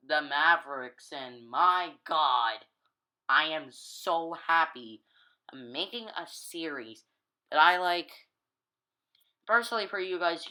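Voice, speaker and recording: A man's voice: on the high side, pushed and bright, clean tone, poor audio. A gaming YouTuber talking casually over his basketball video game, rambling and correcting himself as he goes, a little tired. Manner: rambling, halting, self-correcting. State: tired, yawning.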